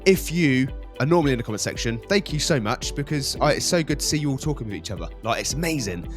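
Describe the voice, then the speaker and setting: A man hosting a reaction channel, chatting casually and playfully with sudden loud jumps. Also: mid-range voice, animated, fast talker, music in the background.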